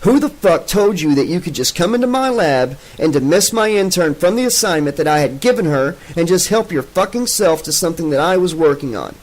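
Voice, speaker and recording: A man voicing a shrill male scientist ranting in a fit of rage, in an audiobook. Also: lively intonation, moderate pace, few pauses, low-quality recording. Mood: enraged. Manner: shrill, shouting.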